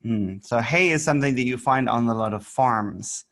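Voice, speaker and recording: A man with a slightly bright, mid-range voice speaks at a normal pace during an online English lesson for a child. Patient and playful, he repeats words so the child can echo them and adds little sound effects while showing pictures.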